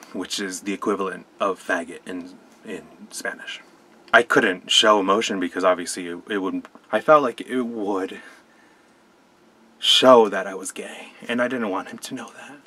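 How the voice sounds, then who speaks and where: A young man from Colombia telling a personal story to camera, soft-spoken and hesitant, often restarting his sentences. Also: low voice. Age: young adult. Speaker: vlogger. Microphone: camera mic.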